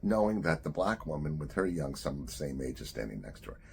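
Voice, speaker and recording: A man's voice: a bass voice, a little fast, gravelly, few pauses. A man in his sixties from New Jersey, an author telling a personal memory in a conversational way, sometimes sinking to a near-whisper. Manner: conversational, drops to a near-whisper at grave moments. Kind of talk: personal storytelling. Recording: faint background noise.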